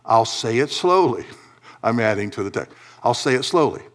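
A man delivering a sermon from the pulpit. His delivery is lively and emphatic, jumping from hushed low lines to loud, high, pressing peaks. He sounds like a pastor working a congregation. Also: normal speed. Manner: animated preaching, rising to loud emphatic peaks and dropping to low asides.

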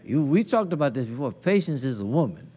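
A man preaching a sermon at a conference into a handheld mic, building to loud emphatic call-and-response peaks with folksy, colloquial phrasing. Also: medium pitch, big pitch swings, a little fast. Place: conference hall.

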